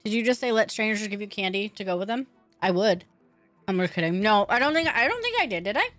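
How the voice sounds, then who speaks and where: Lively, joking young woman streamer. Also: mid-range voice, fast, no echo, soft background music. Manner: laughing, joking, eating while talking. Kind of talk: casual gaming stream chat.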